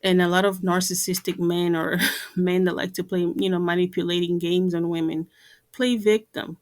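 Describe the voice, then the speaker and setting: A woman's voice: lowish voice, little pitch movement, normal speed, a little mellow. A woman giving an earnest talk to camera, repeating herself and using many fillers. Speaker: vlogger.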